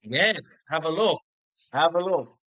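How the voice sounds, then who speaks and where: A man's voice: a little high, expressive, a little slow, fairly bright tone, no echo, lo-fi sound. An Australian man co-hosting a casual sports chat with dry, joking asides. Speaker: co-host.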